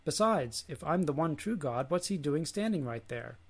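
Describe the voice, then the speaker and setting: A man doing a rumbling, easygoing god. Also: moderate pace, husky. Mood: amused. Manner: rumbling, relaxed.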